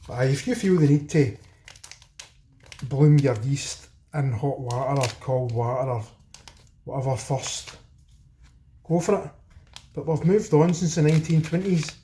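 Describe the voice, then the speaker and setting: A man's voice: medium pitch, unhurried, pauses often, dark tone. A Scottish man hosting a home cooking video, chatting cheekily to his viewers as he works in his kitchen. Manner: chatty, cheeky, talks straight to viewers as folks. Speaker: home cooking channel host. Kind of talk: casual cooking demo talk. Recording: roomy echo, faint background noise.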